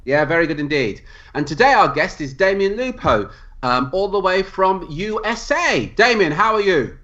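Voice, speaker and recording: A man's voice: high voice, sing-song, moderate pace, a bit bright, muffled recording. A man hosting a podcast interview, upbeat and jokey. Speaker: podcast host.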